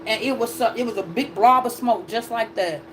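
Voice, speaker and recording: A woman's voice: on the high side, a little fast, noisy background. Blunt, profane storytelling woman. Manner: blunt, profane, emphatic retelling. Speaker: astrology and tarot channel host. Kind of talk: casual storytelling rant.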